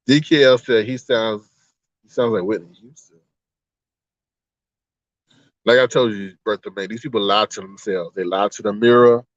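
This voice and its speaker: A man hosting a livestream, chatting casually in a rambling, animated way, exclaiming and laughing often. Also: lowish voice, normal speed, pauses often, no echo. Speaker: livestream host. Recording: slightly dull, dry sound.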